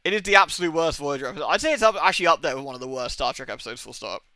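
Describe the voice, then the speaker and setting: A young man talks on a livestream in a loose, rambling way, full of swearing and laughter. His voice sounds bright and forceful and sits a bit high for a man. The sound is dry, with little room sound. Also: animated, rapid-fire, no echo. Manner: chatty, swears often, laughs a lot. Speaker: streamer. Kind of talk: casual livestream chat.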